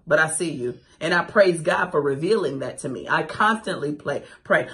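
A woman's voice: low voice, animated, normal speed, few pauses, fairly bright tone. A woman hosting a morning radio show, giving faith-filled encouragement with emphatic, repeated phrases and sassy asides. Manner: sassy asides and laughing quips. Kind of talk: morning radio inspirational talk.

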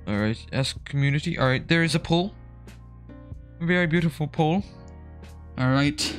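A man's voice: on the high side, a little slow, pauses often, soft background music. A young man streaming a horror game live, chatting and joking as he gets startled. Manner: chatty, jokey, easily startled. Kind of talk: live gameplay commentary.

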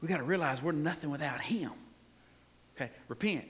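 In a church sanctuary with long hall reverb, a man with a fairly high voice preaches a little fast as pastor. He is folksy and emphatic, laughs often, and draws call-and-response from the congregation.

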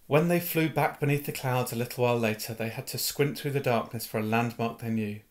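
A man reading a novel aloud in an expressive storytelling manner. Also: mid-range voice, brisk, a little hiss or hum. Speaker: reader. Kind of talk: audiobook narration of a novel.

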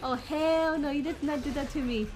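A woman's voice: high voice, steady tone, moderate pace, noisy background. A woman streaming a video game, exclaiming and swearing at it as she plays. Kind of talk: live gameplay commentary.

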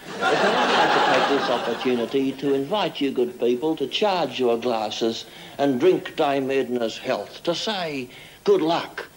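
A man playing a drunk, crude, middle-aged Australian diplomat with a broad Australian accent, giving a pompous, rambling speech in a television comedy sketch. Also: medium pitch. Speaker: comic character monologue. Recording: old 1970s TV broadcast with hiss. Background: studio audience laughter.

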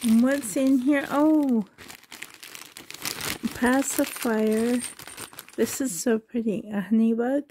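A woman's voice: fairly high pitch, fairly even intonation, slow pace, long pauses, warm tone, slight background noise. A woman opening a package on her vlog, gasping with delight, dropping into whispers, emotional and close to tears. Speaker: reborn doll collector, channel host. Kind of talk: excited unboxing vlog.

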